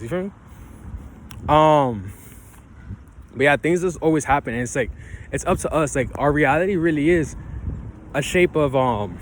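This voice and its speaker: A man talks straight to the camera outdoors in a mid-pitched voice, giving loose, rambling life advice. He keeps checking in with his viewers. Faint passing cars and street noise sit in the background. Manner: loose and rambling, keeps asking "right?" and "you feel me?". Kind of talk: casual motivational talk to camera. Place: outdoors, ground with leaves.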